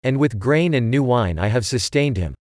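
A man reading the part of an aged blind father giving a solemn blessing, in a measured scripture-reading voice. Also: mid-range voice, expressive, darkish tone, no room sound, studio quality, lightly acted.

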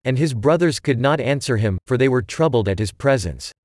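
A man's voice: medium pitch, lively intonation, a little fast, darkish tone, no room sound. Man reading scripture in a dry, close voice. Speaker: scripture reader.

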